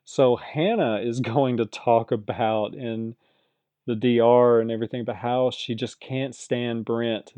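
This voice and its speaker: A man's voice: mid-range voice, warm tone, dry recording. A man recapping a reality competition show in a casual, chatty way, often hedging and repeating himself.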